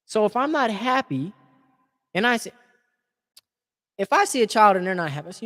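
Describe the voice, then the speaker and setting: A man's voice: high-pitched, sing-song, normal speed, pauses often, a bit bright, in a large hall. A man speaking in an impassioned, informal preaching style, earnest and repeating words as he builds his points.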